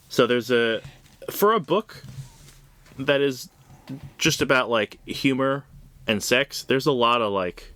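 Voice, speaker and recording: A man's voice: mid-range voice, expressive, takes it slowly, long pauses, a bit bright. A man co-hosting a podcast, discussing a comic book in casual chat, blunt and profane with a dry, sarcastic edge. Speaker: podcast co-host.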